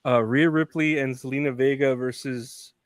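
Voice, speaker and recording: A man's voice: mid-range voice, fairly even intonation, normal speed, smooth, no room sound. Rambling young man, dry close sound. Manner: rambling, lots of filler likes, laughs easily. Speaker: podcast co-host. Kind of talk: casual chat.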